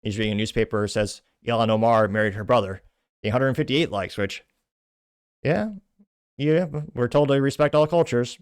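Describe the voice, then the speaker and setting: A man's voice: mid-range voice, moderate pace, smooth, dry recording. Dry-sounding male political show host. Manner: reads posts aloud with like counts, then opinionated asides. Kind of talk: political commentary reading social media posts.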